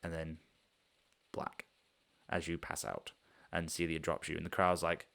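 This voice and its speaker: Game master, man, very low voice, loose rambling narration. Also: flat delivery, measured pace, vocal fry, a bit bright. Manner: rambling, loose, with many fillers.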